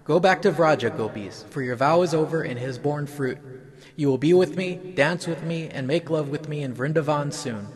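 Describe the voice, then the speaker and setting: A man's voice: a little high, normal speed, crowd noise, lightly acted. A man reading as a teasing young cowherd god. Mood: grave.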